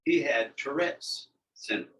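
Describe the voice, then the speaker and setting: A man's voice: medium pitch, animated, takes it slowly, fairly bright tone. A man, a longtime radio DJ telling stories in a casual, folksy chat. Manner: folksy storyteller. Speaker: radio DJ guest. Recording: distant mic with faint background noise.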